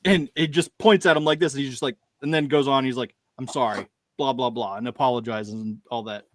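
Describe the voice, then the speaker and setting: A man's voice: mid-range voice, fairly even intonation, a little fast, dry recording, studio quality. A man co-hosting a podcast in casual chat, rambling along, laughing often and acting out lines he quotes. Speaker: podcast co-host.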